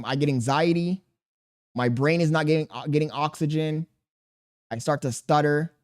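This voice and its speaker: Young man, streamer, casual chat, slow deliberate delivery, swears a lot, mid-pitched voice. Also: darkish tone. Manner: laid-back, deliberately slow storytelling, swearing, reading chat aloud.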